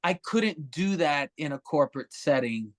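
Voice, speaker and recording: Animated man telling stories, swearing freely. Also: on the high side, a little slow. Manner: animated, swears freely, acts out voices of others. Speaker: musician guest. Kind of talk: casual podcast storytelling.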